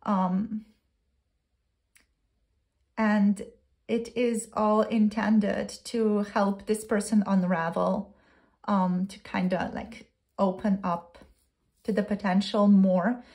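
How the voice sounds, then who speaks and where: A woman's voice: medium pitch, little pitch movement, slow, pauses often, a little mellow. A woman giving a pick-a-card tarot reading to her viewers, chatty and flowing, with many "um"s and "you know"s. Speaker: tarot reader.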